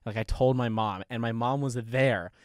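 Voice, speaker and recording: In a mid-range voice at a moderate pace, a young podcast host tells a story casually, laughing often and swearing plenty as he animatedly retells it. The studio-quality recording is dry.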